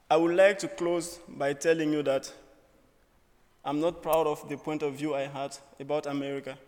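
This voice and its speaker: A man's voice: fairly high pitch, darkish tone. Young man telling a story in a reverberant hall. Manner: earnest, humorous storytelling in short phrases. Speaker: student speaker. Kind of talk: personal story speech. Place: auditorium.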